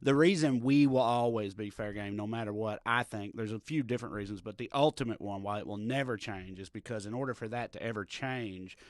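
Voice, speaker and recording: A man's voice: on the low side, brisk, hardly any pauses, no echo, studio quality. A man, co-hosting a comedy podcast in rambling, profane casual chat and laughing often.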